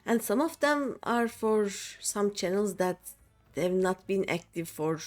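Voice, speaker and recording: A woman's voice: mid-range voice, animated, unhurried. Young woman, game streamer, casual chatty talk, faint music behind. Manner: chatty, counting under her breath. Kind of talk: casual chat while playing.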